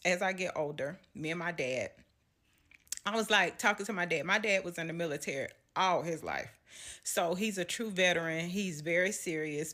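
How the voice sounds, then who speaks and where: Animated woman telling a story. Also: fairly low pitch. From Southern US. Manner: animated, laughs often, acts out quotes. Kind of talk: storytime vlog.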